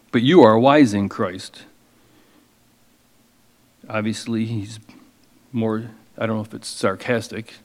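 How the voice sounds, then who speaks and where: A man preaching as a pastor, reading scripture slowly with emphasis and then explaining it in a casual, conversational way. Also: on the low side, long reverb tail. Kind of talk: expository sermon.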